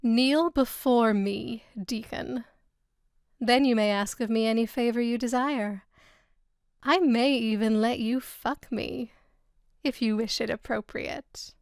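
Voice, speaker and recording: A woman's voice: fairly high pitch, dry recording, clean studio sound. Woman voicing a sneering demon-possessed girl. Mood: taunting.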